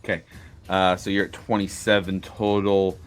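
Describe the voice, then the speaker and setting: A man's voice: low-pitched, level tone, moderate pace, faint music behind. A man narrating as game master of a tabletop game, hesitant and full of fillers.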